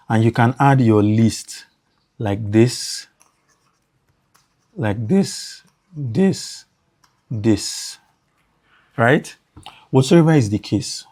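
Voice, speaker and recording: Guy walking thru an editing tutorial real slow, dark mellow voice, keeps repeating himself. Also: mid-range voice. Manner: slow, repeats points, thinks aloud. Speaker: motion design tutor. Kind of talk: screen-recorded tutorial.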